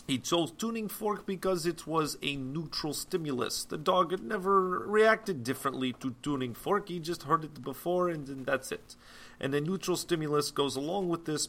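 A stiff, deliberate textbook reading, as a man puts it on. The voice sits higher than usual and sounds bright. The phrasing is formal and recited. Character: man reading a textbook in a mock Russian accent.

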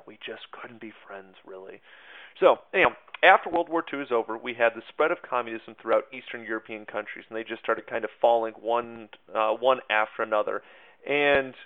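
A man giving a casual history lesson, chatty and self-mocking, with lots of fillers and asides. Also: mid-range voice. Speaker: teacher. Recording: tinny phone-like sound.

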